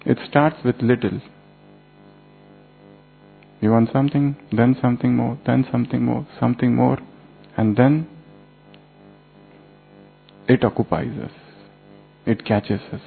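A man giving a sermon, telling a moral fable slowly in short phrases. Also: medium pitch, steady tone, vocal fry, breathy edge. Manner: slow storytelling in short phrases. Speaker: spiritual teacher. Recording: tinny phone-like line, faint music.

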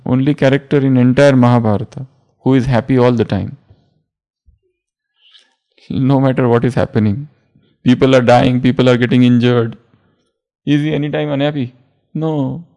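A man giving a spiritual discourse as a teacher, unhurried and repeating words for emphasis. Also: mid-range voice, gravelly, dark tone.

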